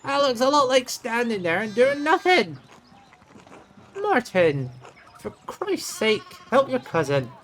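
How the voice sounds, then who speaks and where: A man's voice: extremely high pitch, very animated, slow pace, a little hiss or hum, voice pushed up, heavily acted. A man voicing a bossy, scolding middle-aged village aunt who barks orders at her family. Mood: exasperated. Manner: sharp, scolding, commanding.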